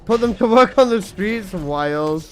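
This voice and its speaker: A man's voice: high voice, expressive, a little slow, faint music behind. A young man chatting casually on a game stream, joking crudely and laughing at his own lines. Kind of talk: casual live-stream chat.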